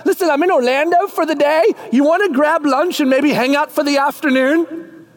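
A man's voice: very high voice, moderate pace, pitched above the performer's own voice. A man voicing a friendly famous person who eagerly invites a fan out during his sermon.

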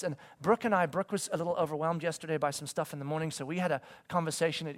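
A man in his forties preaching a sermon, telling a story with stammered restarts and swinging from loud to hushed. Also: fairly high pitch. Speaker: pastor.

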